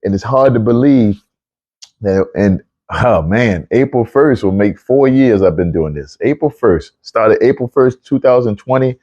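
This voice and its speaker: A man hosting a casual livestream Bible talk, chatty and excitable, often repeating himself as he greets viewers. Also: mid-range voice, a little slow, muffled recording. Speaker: online show host.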